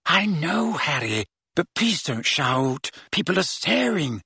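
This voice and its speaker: Guy doing a worried teen witch girl, higher voice, urgent and hushed. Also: very animated, slow pace, breathy edge, no room sound, heavily acted. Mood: whispering. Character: anxious clever teenage witch.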